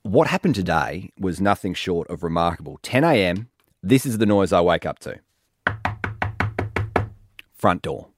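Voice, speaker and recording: A man's voice: sits low, a little slow, pauses often. A man with an Australian accent hosting a radio show, telling a story animatedly and acting out the other people in it. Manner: animated storytelling with acted quotes. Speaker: radio host. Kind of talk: casual radio chat. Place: radio studio.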